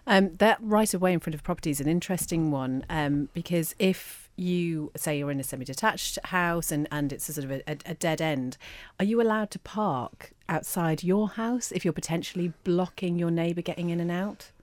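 A woman's voice: lowish voice, normal speed, dry recording. A woman presenting a radio chat show, reading out news items and chatting in a rambling, self-mocking way from a studio mic.

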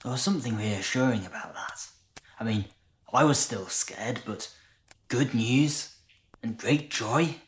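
A man's voice: mid-range voice, a little slow, natural voice. An actor playing a humble male shepherd recalling a night by the fire, in a conversational, hesitant, marvelling way. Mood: reflective. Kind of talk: dramatic monologue.

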